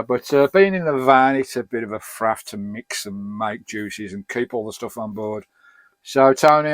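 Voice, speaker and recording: A man's voice: lowish voice, no echo. A middle-aged man from Birmingham with an English accent, answering viewer questions in a chatty, rambling and jokey way. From Birmingham, England. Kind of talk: casual chat.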